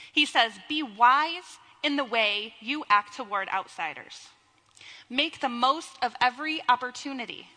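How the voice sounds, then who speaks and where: A woman's voice: high voice, sharp tone. A young woman giving a sermon as a pastor, with playful, teasing asides to her congregation. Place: church sanctuary. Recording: long reverb of a church hall.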